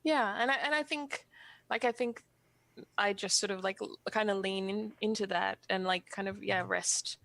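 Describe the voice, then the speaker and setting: A woman's voice: mid-range voice, steady tone, normal speed, creaky, fairly bright tone. A woman playing a tabletop role-play game, speaking hesitantly, with many restarts and fillers, and close to tears. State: tearful. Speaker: player.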